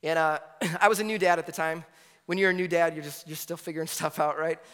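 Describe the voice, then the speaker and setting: A man in his thirties preaching a sermon, telling a story in a lively, conversational way with lots of asides. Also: a little high, quick pace, smooth. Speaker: pastor. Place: church hall. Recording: reverberant hall with faint music.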